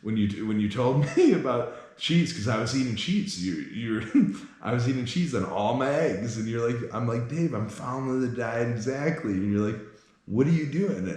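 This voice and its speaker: A man hosting a casual interview, telling animated, self-mocking stories and laughing often. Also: mid-range voice. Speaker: host. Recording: very echoey room.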